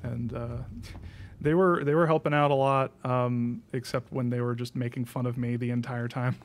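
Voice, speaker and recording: A man's voice: mid-range voice, little pitch movement, normal speed. A young man streaming a game, chatting in a rambling way, swearing freely and laughing often. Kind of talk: casual chat while playing.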